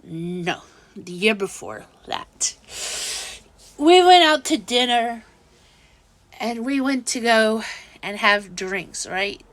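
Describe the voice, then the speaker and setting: A woman casually telling a story in a vlog, halting and restarting often, growing exasperated as she goes. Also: a little high, a bit bright, no room sound. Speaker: vlogger.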